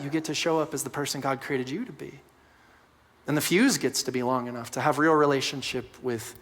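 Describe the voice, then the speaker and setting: A male pastor preaching a sermon, earnest and pastoral, swinging from passionate emphasis to soft, intimate moments. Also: fairly high pitch. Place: church auditorium. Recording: long hall reverb.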